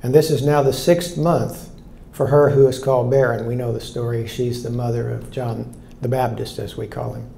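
Warm-toned older man preaching a sermon. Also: medium pitch, level tone, moderate pace, vocal fry, echoey room, slight background noise. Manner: earnest, storytelling preacher who repeats key lines. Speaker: pastor.

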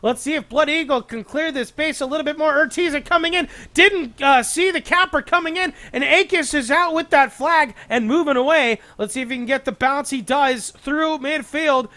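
Young male solo esports caster, high bright voice, rapid excitable play-by-play with jokey asides. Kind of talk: solo play-by-play game commentary.

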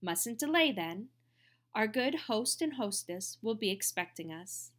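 A woman's voice: mid-range voice, animated, measured pace, a bit bright. A woman reading aloud and voicing a big, bluff, jovial colonial man with a breezy, hospitable manner.

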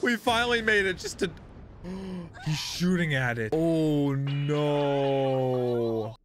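A young man hosting a casual anime reaction video, excitable and exclaiming, swinging between hype and dismay. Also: high voice, unhurried, a little hiss or hum.

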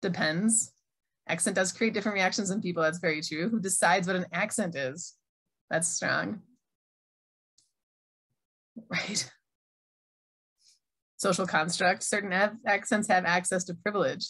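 A middle-aged woman from Minnesota, an Arabic teacher with an American accent, gives a conversational online keynote and reads out replies from the audience chat. Her voice is on the low side, fairly bright and breathy, at a measured pace with frequent pauses.

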